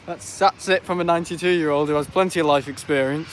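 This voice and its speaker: A man's voice: on the high side, steady tone, fast, a little hiss or hum. Chatty man streaming outdoors. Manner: rambling, chatty, laughs often, reads out chat. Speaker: planespotting livestreamer. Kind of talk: casual live-stream chat. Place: outdoors at an airport viewing park in the rain. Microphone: handheld tablet.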